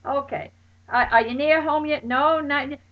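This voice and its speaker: A woman telling a story about her night out, bursting into loud exclamations and acting out her friends' voices. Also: sits high, normal speed. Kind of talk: animated personal anecdote. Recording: dull lo-fi recording.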